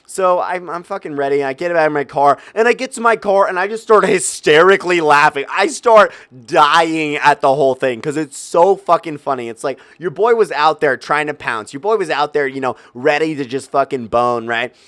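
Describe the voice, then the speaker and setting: A young man vlogging a personal story in a profane, animated way, with loud exasperated outbursts. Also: fairly high pitch, moderate pace, few pauses, smooth, no echo, clean studio sound. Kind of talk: storytelling vlog.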